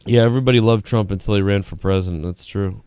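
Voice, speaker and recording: A man's voice: fairly low pitch, fast talker, mellow, clean tone, no room sound. A young adult man chatting crudely on a live show, tired and drunk, rambling and swearing with lots of laughs. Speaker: podcast co-host. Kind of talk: crude casual banter.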